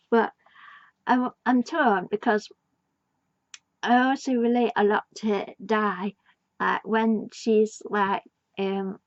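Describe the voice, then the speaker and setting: A woman's voice: medium pitch, dry recording, dull audio. A woman giving a casual, rambling, enthusiastic fan review of a TV episode. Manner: rambling, enthusiastic, many fillers. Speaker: TV show reviewer.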